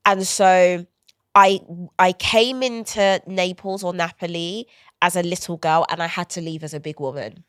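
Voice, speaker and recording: Fairly low-pitched and clean, this woman's voice moves at a normal speed in a dry, clean studio recording. She's a guest author on a conversational podcast, candidly sharing personal stories with animated quoted asides that act out what people said.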